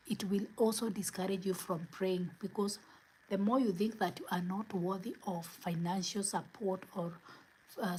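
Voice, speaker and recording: A woman giving an earnest spiritual motivational talk as host, asking repeated rhetorical questions, her words often trailing into soft breathy whispers. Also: mid-range voice, slight background noise, rough recording.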